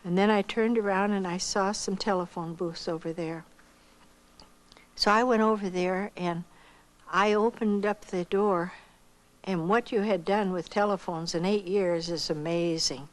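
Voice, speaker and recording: An older woman shares a story from her own life. Her voice sits at an ordinary middle pitch, and she talks in an unhurried, folksy way, pausing now and then and hesitating softly as she recalls the details. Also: fairly even intonation, rough recording. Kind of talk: personal storytelling.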